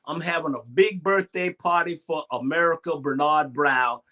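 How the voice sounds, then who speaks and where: A man in his sixties from Georgia with a Southern accent, hosting a talk show and chatting in a lively, boastful way. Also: fairly high pitch, normal speed. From Savannah, Georgia, US. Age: 60s. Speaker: host. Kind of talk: animated solo talk show monologue.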